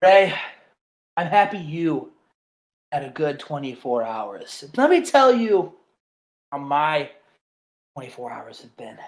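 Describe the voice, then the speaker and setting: A man voicing a disheveled, bitter wrestling villain with a low, brooding, resentful delivery. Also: sing-song, slow, long pauses.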